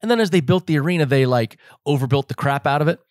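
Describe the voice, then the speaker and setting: An American man from Las Vegas in his forties, a guest in an interview, telling animated, joking stories and acting out the voices of his family. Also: on the high side, fast talker, dry recording, clean studio sound. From Las Vegas, United States. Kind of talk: casual interview storytelling.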